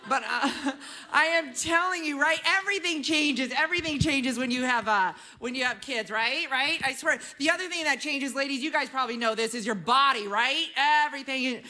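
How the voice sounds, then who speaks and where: A woman in her thirties doing a chatty, animated stand-up set on a club stage, often tagging lines with "right?". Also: sits high, normal speed. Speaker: stand-up comedian. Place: comedy club stage with a live audience.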